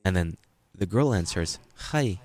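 Lively, laughing preacher man, lowish voice. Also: moderate pace. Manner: lively, laughing anecdotes with frequent restarts. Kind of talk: storytelling sermon.

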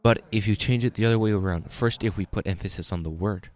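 Male pastor, low voice, informal sermon with scripture readings. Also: quick pace, darkish tone. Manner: conversational preaching, restarts, reads scripture aloud.

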